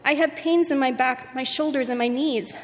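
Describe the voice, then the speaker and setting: A woman's voice: sits high, normal speed, long reverb tail, lightly acted. A woman voicing a humble, tired little male turtle who pleads politely. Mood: pleading.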